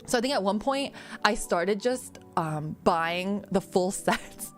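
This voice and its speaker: A woman's voice: mid-range voice, expressive, slow, faint music behind. A young woman streaming a casual Q&A, rambling through stories with lots of fillers, restarts and giggles. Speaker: VTuber streamer. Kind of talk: casual Q&A chat.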